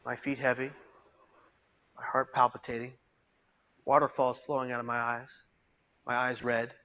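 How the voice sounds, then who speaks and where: A man giving a personal testimony as a peer mentor, storytelling dramatically and swinging between hushed and loud delivery. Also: medium pitch, little pitch movement, normal speed, highs cut off. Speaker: peer mentor and suicide prevention speaker. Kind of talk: personal testimony to a live audience. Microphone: video call.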